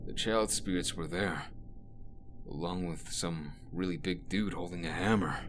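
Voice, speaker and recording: A man's voice: low-pitched, measured pace, background noise. A man voicing a blunt, swearing teenage delinquent boy in a horror game. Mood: brash.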